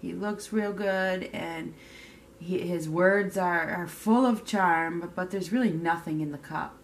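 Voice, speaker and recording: A woman's voice: on the low side, unhurried. Blunt, emphatic woman reading tarot. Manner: blunt, emphatic, repeats points with "okay?"; swears casually. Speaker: tarot reader. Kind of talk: casual tarot card reading.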